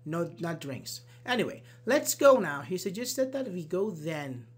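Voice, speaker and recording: An online English teacher giving a live grammar lesson, slowly repeating example sentences and answering chat. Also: mid-range voice, big pitch swings, breathy edge. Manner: slow, repeats examples, apologizes and laughs at own slips.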